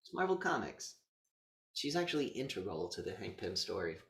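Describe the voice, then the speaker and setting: A man co-hosting a casual movie review podcast, talking in an animated, profane way and acting out scenes in quick voices. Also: lowish voice, creaky, roomy sound. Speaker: podcast co-host.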